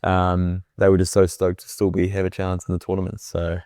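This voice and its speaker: A man guesting on a cricket podcast talks in a casual, halting way and often restarts his sentences. His voice is low and the sound is dry and close to the mic. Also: completely flat delivery, warm tone, no room sound.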